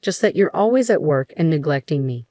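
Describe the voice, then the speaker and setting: A self-centered husband who whines and brushes his wife off, as a woman reads his part. Low, dry and close to the mic. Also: expressive, fairly quick, dark tone, no room sound. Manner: petulant, dismissive. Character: selfish complaining husband, adult man.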